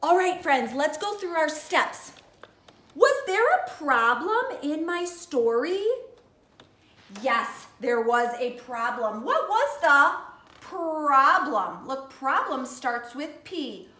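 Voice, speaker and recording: A woman's voice: high-pitched, big pitch swings, slow pace, pushed and bright, roomy sound. A woman teaching young children, speaking in an encouraging way and addressing them as friends. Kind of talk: children's lesson and story reading.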